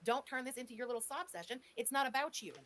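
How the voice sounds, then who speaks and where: A woman's voice: high voice, fast, a bit bright. A woman giving blunt, sarcastic reaction commentary, scolding the person on a clip. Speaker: stream commentator.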